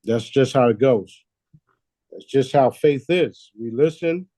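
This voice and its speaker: A man's voice: mid-range voice, takes it slowly, warm tone, no echo. A man hosting a casual talk, boastful and preachy, swearing freely and laughing at his own lines. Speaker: host.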